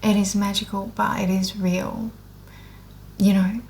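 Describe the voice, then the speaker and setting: Gravelly, slow-talking woman swearing freely. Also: medium pitch, little pitch movement, a little mellow, a little hiss or hum. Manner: blunt and heavily profane, rambling with restarts; earnest and emotional. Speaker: spiritual awakening vlogger. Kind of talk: candid unscripted monologue.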